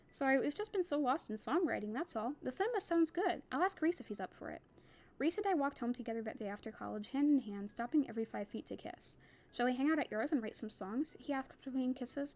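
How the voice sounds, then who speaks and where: A woman's voice: a little high, a little mellow. Young woman reading a novel aloud. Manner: reads plainly, breaks off for chatty, laughing asides. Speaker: reader.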